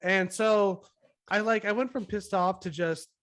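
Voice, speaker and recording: A man telling a story on a podcast after a few drinks. He is sarcastic and animated, and he swears freely. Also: sits high, a little slow. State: tipsy. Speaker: podcast co-host. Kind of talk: casual podcast chat.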